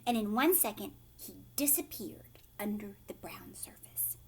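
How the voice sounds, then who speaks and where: Lively woman reading aloud to kids. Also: medium pitch, breathy edge. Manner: pauses to ask listeners questions, whispered asides. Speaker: teacher. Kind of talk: reading a chapter book aloud to children.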